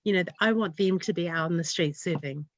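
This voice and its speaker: A woman's voice: on the low side, fairly quick, no echo. A woman, a community developer talking in an earnest, heartfelt way in an interview. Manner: earnest, heartfelt, rambling run-on thoughts. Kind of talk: casual interview chat.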